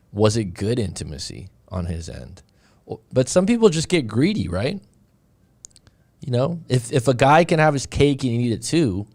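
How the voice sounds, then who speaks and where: A darkish, mid-range male voice belongs to a dating coach on a casual live stream. As he reads comments from viewers, he wanders off on tangents and keeps starting his sentences over.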